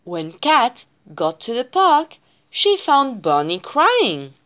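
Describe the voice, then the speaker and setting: A woman's voice: fairly high pitch, huge pitch swings, takes it slowly, a bit bright, muffled recording. A woman reading a children's picture book aloud in a sing-song storytelling way. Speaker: reader.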